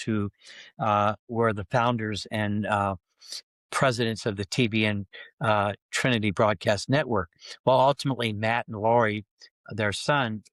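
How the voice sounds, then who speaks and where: A middle-aged man, a pastor, telling a personal story on a podcast and acting out his own prayers, his voice climbing as he gets excited. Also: no echo. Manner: animated storyteller who acts out his own prayers, pitch rising when excited.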